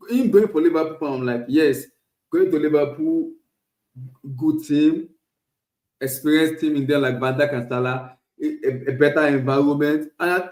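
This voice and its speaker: Animated man hosting a football stream. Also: a little high, echoey room, poor audio. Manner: repetitive, animated, lots of restarts and "very, very". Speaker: podcast host. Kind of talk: casual solo football talk show. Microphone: streaming setup.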